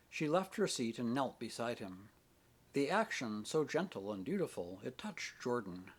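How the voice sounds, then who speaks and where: A man narrating a novel chapter in a measured storytelling manner. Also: mid-range voice, very animated, husky. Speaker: audiobook narrator. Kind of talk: scripted narration.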